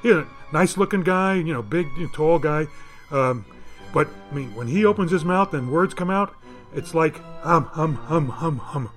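A man's voice: fairly high pitch, moderate pace, faint music behind. Man with dry critical asides. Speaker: podcast co-host. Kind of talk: casual chat.

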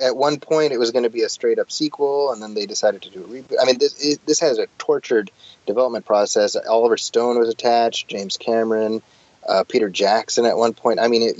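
A man's voice: medium pitch, no echo. A middle-aged man chatting animatedly about movies, restarting his sentences often. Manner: talkative, animated, frequent restarts. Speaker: podcast guest. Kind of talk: casual chat about movies. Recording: dull, dry lo-fi sound.

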